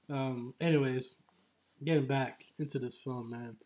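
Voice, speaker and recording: Excitable man reviewing a film, lo-fi. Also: medium pitch, takes it slowly, pauses often. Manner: excitable and emotional, heavy use of "like" and "you know". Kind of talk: casual spoken film review. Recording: dull lo-fi recording.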